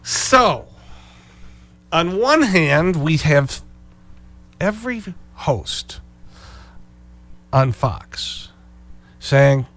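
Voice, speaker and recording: A man hosting a call-in radio talk show, sarcastic and animated, hammering phrases over and over. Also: fairly high pitch, drawn-out words, long pauses.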